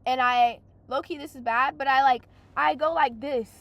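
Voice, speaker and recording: A young woman venting through a casual storytelling rant, exasperated and swearing a lot, her voice hoarse from crying. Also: high-pitched, steady tone, normal speed, highs cut off. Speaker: vlogger.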